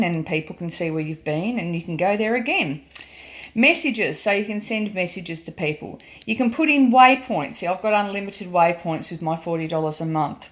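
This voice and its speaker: An Australian woman vlogger chatting casually and emphatically through a product demonstration, with many ums. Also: fairly low pitch. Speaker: gold prospecting vlogger.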